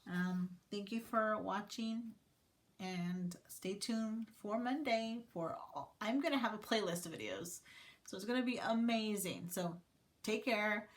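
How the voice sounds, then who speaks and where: A woman in her thirties, a teacher, casually walking viewers through her planners in a slow, thoughtful way, with many fillers and a sentimental touch. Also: medium pitch, expressive. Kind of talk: casual show-and-tell vlog.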